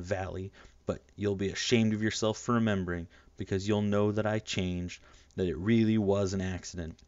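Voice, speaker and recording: A man's voice: on the low side, a little mellow, no room sound, muffled recording, natural voice. A man voicing a cruel older brother, a boy who menaces and mocks his siblings, in an audiobook reading. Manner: taunting, mocking.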